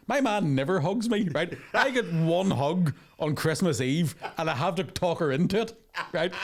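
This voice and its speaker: A man hosting a podcast, telling a story in casual, profane chat and acting out the voices of the people in it. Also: on the high side. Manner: profane, animated storytelling with acted quotes. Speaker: podcast host.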